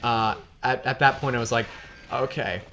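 In this let's play, a young Australian host chatters on while gaming, cursing often and chuckling at his own remarks. He speaks a little fast in a mid-range, level voice that comes across bright and forceful, with faint music in the background.

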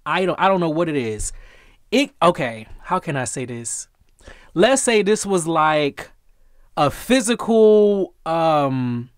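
A man giving an excited tarot reading, swearing often and talking to his viewers. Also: on the high side, no room sound, clean studio sound. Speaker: tarot reader.

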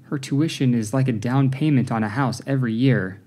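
A man's voice: medium pitch, moderate pace, warm tone, lightly acted. Man voicing a stern shopkeeper mother. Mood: apologetic. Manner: firm and commanding. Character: stern immigrant shop-owning mother, late forties.

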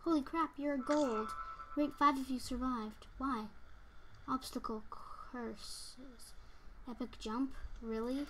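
Excitable high-voiced young woman gamer. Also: slow, slight background noise. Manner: excitable, yelps and squeals, sometimes whispers. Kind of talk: let's play commentary.

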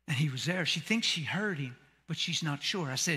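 High, sharp-voiced man preaching in a hall. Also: lively intonation, fairly quick, slightly rough. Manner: folksy, swings from loud shouts to hushed near-whispers; plain colloquial grammar. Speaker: pastor. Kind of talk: sermon. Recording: echoey hall.

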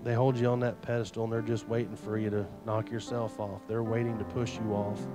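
Earnest youth pastor preaching. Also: male voice, on the low side, flat delivery, fairly quick, hardly any pauses, over music. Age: 40s. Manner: earnest folksy preaching, retelling stories with quoted dialogue. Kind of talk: sermon.

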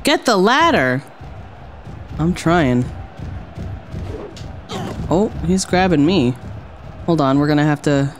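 A woman's voice: sits low, lively intonation, slow pace, long pauses, faint music behind. A woman streaming a game, commenting casually and theatrically. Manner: playful, theatrical, lots of exclamations and laughs.

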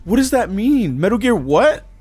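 A man's voice: high-pitched, very animated, normal speed, a little mellow, slightly rough, soft background music. A young man hosting a video reaction, emotional and pleading, swearing often as he talks. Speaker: YouTube reaction host.

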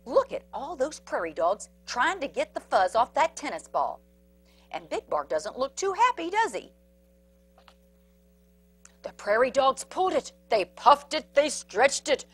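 A woman storyteller reading a picture book aloud to children, animated, with sound effects and asides about the pictures. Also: high-pitched, measured pace, husky, no room sound, faint music behind.

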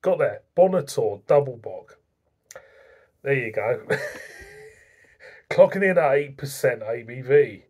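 A man's voice: medium pitch, expressive, takes it slowly, long pauses, a little mellow, slightly rough. A man reviewing beer in a chatty, self-mocking way, stumbling over foreign names. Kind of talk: casual beer review vlog.

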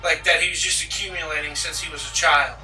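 A man's voice: on the high side, fairly even intonation, quick pace. A young man hosting a let's play, rambling and joking with lots of swearing over his gameplay. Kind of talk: casual gaming commentary. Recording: roomy distant mic, game music behind.

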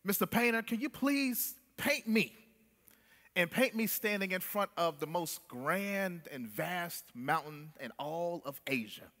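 A preacher voicing an indignant male traveler who complains loudly about his portrait. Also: high voice, lively intonation, unhurried, long reverb tail, exaggerated voice. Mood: pleading. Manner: shouting complaints, insistent.

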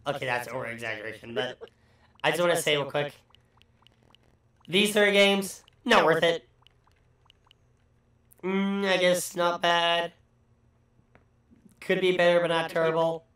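A man's voice: on the high side, steady tone, measured pace, pauses often, fairly bright tone, recorded from a distance. A man hosting a let's play, joking and swearing through casual gameplay commentary. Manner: profane, rambling, joking. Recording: echoey room, voice off mic, faint music.

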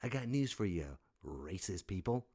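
Sarcastic low-voiced man ranting. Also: sing-song, normal speed, a little mellow, breathy edge. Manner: sarcastic, exasperated, mocking, laughs at own jokes. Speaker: comedian podcast host. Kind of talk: stand-up style comic rant.

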